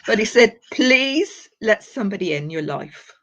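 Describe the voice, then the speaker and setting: A woman's voice: mid-range voice, lively intonation, unhurried. An older woman working as a psychic medium on a live stream, talking with affection and calling people darling and sweetheart. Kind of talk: live-stream reading and chat. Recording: dull lo-fi live stream audio.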